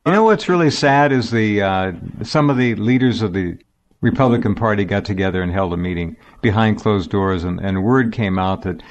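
Deep-voiced male talk radio host. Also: normal speed.

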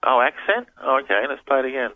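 A man's voice: medium pitch, fast talker. A man with an Australian accent, a guest chatting agreeably on a radio show. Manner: agreeable, animated. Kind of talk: casual radio chat. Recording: phone line with background noise.

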